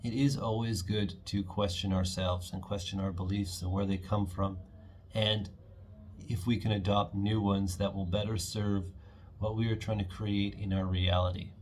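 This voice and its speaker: A man with a fairly low voice talks through a tarot reading in a casual, excited way. He gets carried away and slips into playful quoted voices. A faint noise sits under the recording. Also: moderate pace. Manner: enthusiastic, chatty, acts out quotes. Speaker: tarot reader.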